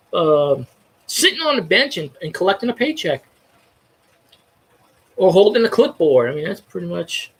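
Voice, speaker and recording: A man's voice: sits high, fairly bright tone, slightly rough. A man ranting bluntly about football in a casual chat, swearing freely and restarting his sentences as he goes. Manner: profane, blunt, rambling with restarts. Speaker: sports fan commentator.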